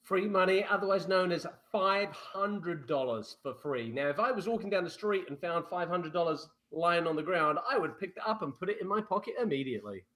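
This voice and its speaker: A man's voice: sits high, lively intonation, fairly quick, few pauses, fairly bright tone. A man co-hosting a sports radio show, joking with dry wit. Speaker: radio co-host.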